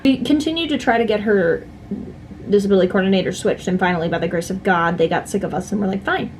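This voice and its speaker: A young woman co-hosting, chiming in with quick casual asides. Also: medium pitch, slight background noise, low-quality recording. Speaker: co-host. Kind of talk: casual chat.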